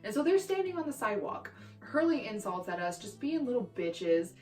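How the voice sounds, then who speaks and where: A young woman from Texas telling childhood stories in a brash, profane, animated way for her vlog. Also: on the high side, brisk. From Texas, USA. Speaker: vlogger. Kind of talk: storytime vlog. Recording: roomy echo, distant mic, faint guitar music.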